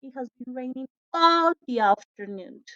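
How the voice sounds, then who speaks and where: A woman's voice: high voice, expressive, normal speed, bright, forceful tone, dull audio. A woman whose first language is Spanish, teaching an English grammar lesson and explaining step by step with frequent self-corrections.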